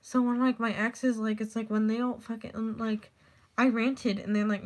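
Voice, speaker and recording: Rambling, profane young woman with vocal fry. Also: a little high, little pitch movement, moderate pace. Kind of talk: casual storytelling vlog.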